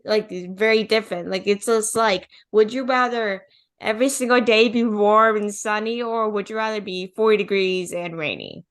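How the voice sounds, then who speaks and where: Speaking in a mid-range voice at a moderate pace, this young podcast host keeps her interview casual and chatty, filling her talk with plenty of filler words.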